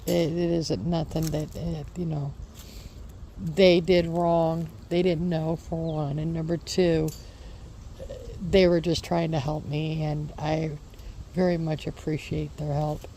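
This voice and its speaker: A woman's voice: sits low, flat delivery, slow, dark tone, slight background noise. A woman chatting casually in her vlog, rambling and repeating her reassurances, recorded outdoors in a garden. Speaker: homesteading vlogger.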